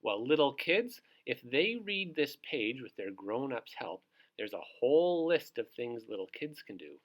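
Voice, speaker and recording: A man's voice: mid-range voice, big pitch swings, measured pace. A male teacher hosting a children's read-aloud, cheerful and encouraging as he talks to little kids. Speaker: teacher reading to young children.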